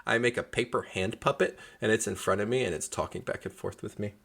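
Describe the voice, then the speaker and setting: A man's voice: lowish voice, a little fast, vocal fry, a bit bright. A man hosting a podcast interview, talking casually with jokes and lots of fillers. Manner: rambling, joking, many fillers. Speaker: podcast host.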